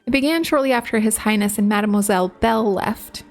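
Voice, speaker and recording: A woman's voice: mid-range voice, quick pace, soft background music, natural voice. A woman reading aloud the lines of a courteous male enchanted candelabra servant in her own voice, without any accent. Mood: polite. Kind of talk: reading game dialogue aloud.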